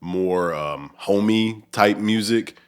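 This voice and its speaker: Low-voiced male host, loose and rambling; casual chat in a small room. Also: slow, clear, resonant tone. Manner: rambling, filler-heavy, searching for words. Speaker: podcast host. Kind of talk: casual conversation. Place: small untreated room with echoing walls.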